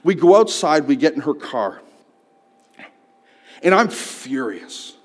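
A man telling a personal story in a sermon, swinging from loud outbursts to hushed tones. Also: on the high side, very animated, slow. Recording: long hall reverb.

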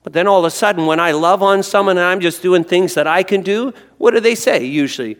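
A man's voice: sits high, brisk, hardly any pauses. Preaching man in a reverberant hall. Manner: animated preaching, swinging from loud to hushed. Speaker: pastor. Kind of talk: sermon.

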